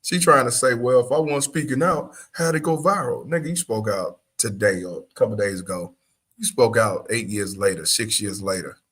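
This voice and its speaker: Husky low-voiced man doing reaction commentary. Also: bright, forceful tone. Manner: laughing, profane, repetitive. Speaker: host.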